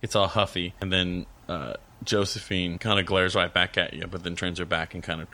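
A man running a tabletop game as game master, narrating in a relaxed way with many fillers and laughs. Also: sits low, moderate pace.

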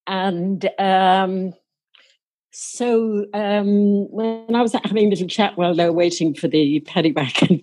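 An older woman tells a wry, amused story from her own past, laughing as she goes in a casual spoken anecdote. Her voice is medium-pitched and darkish with a breathy edge, and the recording quality is low.

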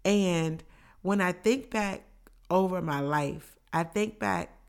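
Young woman podcaster, slightly low voice, earnest and reflective storytelling. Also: slow pace, darkish tone, clear, resonant tone. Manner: earnest, reflective, faith-filled. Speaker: podcast host. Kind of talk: personal storytelling.

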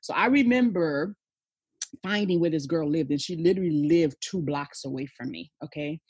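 In a dry recording, a podcast guest in her forties speaks at normal speed in a low, darkish voice with a breathy edge. She recounts her own story candidly and with emphasis, frequently adding "okay?" or "you know" to her lines.

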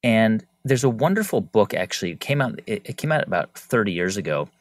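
A man answering interview questions in a relaxed conversational way, telling anecdotes expressively. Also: on the low side, a little fast, dry recording. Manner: animated, expressive storytelling. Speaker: guest, interviewer of founders.

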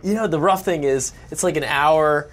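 Man, young adult, podcast co-host, joking, animated storyteller, casual chat. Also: on the high side, normal speed.

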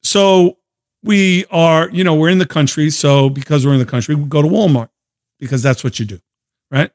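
A hoarse man hosting a casual livestream chat, telling stories in an animated, slangy way. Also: a little high, moderate pace. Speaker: show host.

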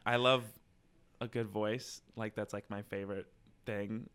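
A man's voice: on the low side, fairly even intonation, fairly bright tone, clean tone. A man who is a comedian guest on a podcast, talking casually and laughing at himself. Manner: laughing, self-conscious, quick asides.

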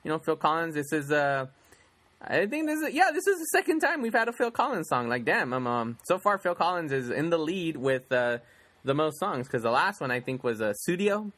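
A man's voice: a little high, very animated, fairly quick, a bit bright, no room sound. Rambling man, dry close sound. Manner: rambling, hesitant, many fillers. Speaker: podcast co-host. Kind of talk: casual chat about music and movies.

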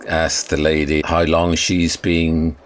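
A dry, polite radio reporter, played by a man, speaks in a low voice. He sounds puzzled by everything he meets in this comedy sketch. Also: monotone, slow pace. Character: stiff, bemused male radio reporter.

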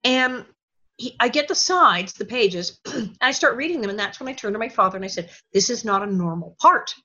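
Bright-voiced woman in her sixties telling stories. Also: fairly high pitch, fairly quick, muffled recording. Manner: animated, laughing, voices quotes. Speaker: guest, former child actor. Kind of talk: anecdotal storytelling.

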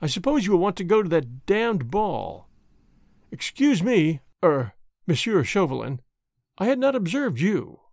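A man voicing a tall, sleepy, good-humoured English nobleman in an audiobook, with a slow, exasperating drawl. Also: sits high, very animated, dry recording, clean studio sound, heavily acted. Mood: lazy drawl.

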